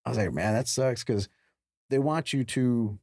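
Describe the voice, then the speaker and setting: Telling firefighting tales as a podcast guest, this man in his forties acts out others' voices and swears casually. His delivery is moderately paced and medium in pitch with a darkish tone, captured in a dry, studio-quality recording.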